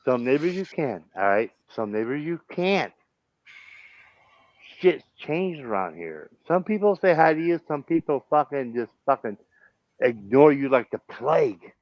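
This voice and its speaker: A man's voice: medium pitch, big pitch swings, a little slow, no echo. An American man who has been drinking, arguing bluntly and profanely in a casual heated chat, often talking over the other speaker. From United States. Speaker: stream host. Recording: dull dry lo-fi sound.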